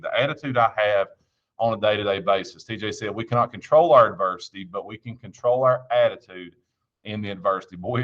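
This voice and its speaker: Folksy man giving a devotion, low voice. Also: a bit bright, muffled recording. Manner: folksy, earnest storytelling with frequent restarts. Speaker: church devotion speaker and school bus driver. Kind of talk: informal filmed devotional talk.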